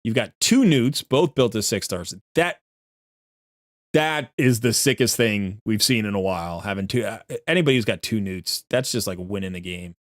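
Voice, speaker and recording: A man's voice: on the low side, expressive, moderate pace, no echo, studio quality. A man giving chatty, rambling live-stream commentary as he looks through a viewer's game account, often correcting himself.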